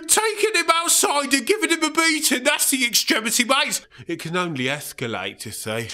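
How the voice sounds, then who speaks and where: Guy doing a squeaky smug MP, sarcastic, keeps saying mate, voice jumps around. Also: sing-song, normal speed, pushed and bright, heavily acted. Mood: patronizing. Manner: sneering, sarcastic, ends lines with "mate". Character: smug pompous male left-wing politician, patronizing. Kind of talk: comedy sketch.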